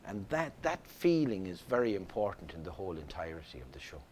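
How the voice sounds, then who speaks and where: Middle-aged Irish actor, chatty guest, animated and rambling. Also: male voice, deep voice, a little fast, few pauses, slight background noise. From Ireland. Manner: animated storyteller, many restarts. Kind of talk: casual interview chat.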